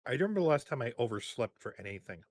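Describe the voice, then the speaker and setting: A man's voice: medium pitch, very animated, rapid-fire, no echo. A man co-hosting a live stream, tossing out dry wisecracks about cartoons. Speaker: podcast co-host. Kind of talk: casual chat over cartoons.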